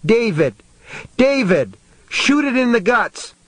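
A man's voice: mid-range voice, moderate pace, no room sound, natural voice. A man voicing a frantic, protective father who speaks in an urgent, pleading way.

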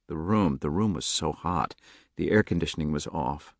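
A man narrating a novel in a steady, measured audiobook reading, close to the mic. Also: rumbling low, gravelly, dry recording. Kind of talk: scripted narration.

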